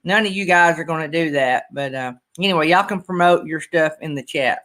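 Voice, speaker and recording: Middle-aged man, host of a folksy morning live chat, rambling and emotional, bright lifted voice. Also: on the high side, a little fast. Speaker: channel host. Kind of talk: casual livestream chat.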